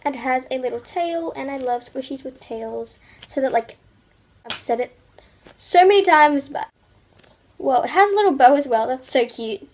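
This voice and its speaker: A young woman vlogger unboxing products in an excitable, gushing way, full of exclamations. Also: high-pitched, normal speed, rough recording.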